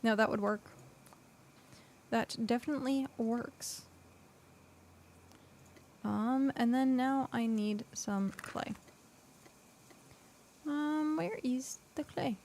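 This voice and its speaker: A woman's voice: fairly high pitch, slow pace, pauses often, a little mellow, a little hiss or hum. A woman streaming a game, chatting casually and thinking aloud with lots of fillers. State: hiccuping. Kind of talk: casual gameplay chat.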